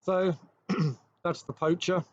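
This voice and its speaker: A man hosting a show, retelling an old ghost story with measured pacing and dramatic pauses. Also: sits high, fairly even intonation. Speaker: host. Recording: dry, slightly dull recording.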